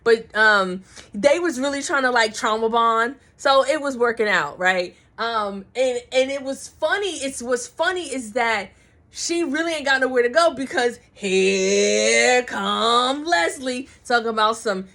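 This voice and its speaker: High-voiced gossipy woman recapping soaps. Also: measured pace. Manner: animated, gossipy, slangy, acts out characters' lines. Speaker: soap opera recap vlogger. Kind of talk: casual chatty TV recap.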